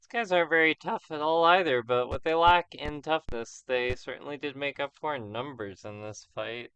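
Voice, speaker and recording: A man's voice: on the high side, moderate pace, fairly bright tone, clean tone, no room sound, muffled recording. A man hosting a let's play of an old role-playing game, chatting casually with rambling asides. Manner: chatty, rambling, self-correcting.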